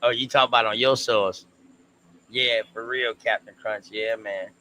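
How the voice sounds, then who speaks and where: A man co-hosting a casual history discussion stream, talking in a laid-back, slangy, drawn-out way. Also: medium pitch, steady tone, pushed and bright, slight background noise, low-quality recording. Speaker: co-host.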